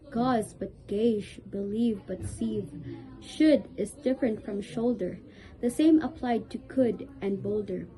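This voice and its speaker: A woman's voice: medium pitch, warm tone, low-quality recording. A woman reciting a rhyming poem, carefully sounding out each word in lists.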